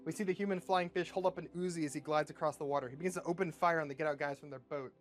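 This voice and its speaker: A man's voice: a little high, fairly even intonation, rapid-fire, soft background music. A man reading his self-written comic script aloud as a casual, profane narrator. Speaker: YouTube creator.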